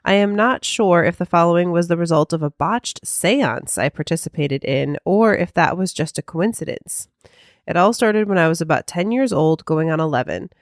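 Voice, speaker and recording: A woman co-host chatting in a casual, rambling way, with a fairly low voice. The sound is dry and close, with no room echo. She hedges often as she thinks aloud. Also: lively intonation, moderate pace. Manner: rambling, hedging with "I mean" and "um". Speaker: podcast co-host. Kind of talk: casual chat and reading listener mail.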